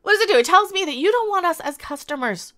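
Brief: exasperated woman, high sharp voice, angry swearing rant. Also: animated, quick pace. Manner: angry, exasperated ranting with heavy swearing and repetition. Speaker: YouTube commentator. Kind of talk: ranting commentary video.

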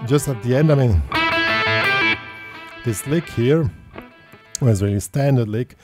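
Male guitar teacher, mid pitch, patient step-by-step explainer, guitar music in the background. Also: unhurried. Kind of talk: instructional guitar lesson. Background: guitar playing and backing track.

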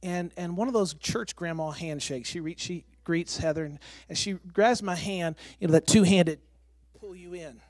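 Excitable high-voiced missionary preacher. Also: male voice, moderate pace, hardly any pauses, no echo. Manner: excitable, emphatic, breaking toward tears. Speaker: missionary and former pastor. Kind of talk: emotional church testimony. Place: church sanctuary.

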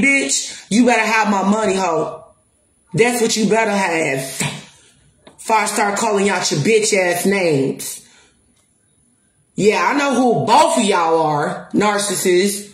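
Speaking straight to the camera, this spiritual counselor and music promoter delivers a profane, defiant rant, hammering the same points with repetition and emphasis. She has a mid-range voice, and the room gives off a noticeable echo.

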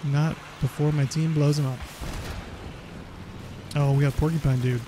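A man giving excitable, chatty commentary over his own gameplay, exclaiming often. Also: fairly high pitch, a little slow, noisy background. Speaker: gaming YouTuber. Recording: game gunfire behind voice. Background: game gunfire and explosions.

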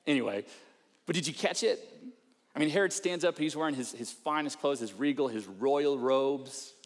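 A male pastor preaching in a relaxed, conversational way, with pitch sitting in the middle of the range. He slips into acted-out prayers and mock self-talk to make his points. His voice carries a long reverb tail from a large church hall. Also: normal speed. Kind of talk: sermon.

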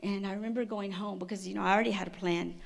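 Woman giving a lively testimony talk. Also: mid-range voice, gravelly. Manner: lively storytelling, quick restarts and laughs. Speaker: conference speaker. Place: stage at a women's conference.

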